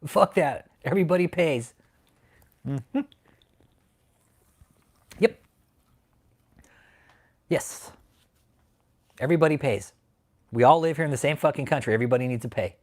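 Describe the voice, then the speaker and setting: A man hosting a livestream who rants angrily with heavy swearing, swinging between loud outbursts and low grumbling while he reads out chat names. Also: measured pace, long pauses. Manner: angry, profane ranting. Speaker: channel host. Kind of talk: livestream commentary, reading chat.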